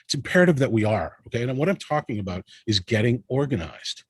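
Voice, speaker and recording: A man's voice: mid-range voice, very animated, fast talker, husky, dry recording. A man speaking as a panel guest in an impassioned discussion, emphatic and rallying, often tagging his points with "right?".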